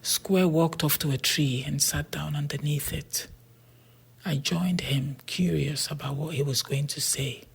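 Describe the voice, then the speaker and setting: A breathy, husky narrator reads a storybook aloud in a steady, even way. The voice often drops to a near whisper, with pitch sitting in a middle range. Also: unhurried. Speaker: audiobook narrator.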